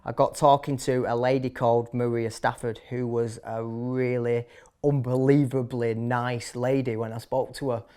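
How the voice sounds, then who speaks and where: Man, Manchester accent, thirties, barber guest, blunt, chatty, fillers and restarts, medium pitch. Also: flat delivery, moderate pace, warm tone, smooth. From Manchester, England. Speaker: barber and shop owner, interview guest. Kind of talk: casual interview storytelling.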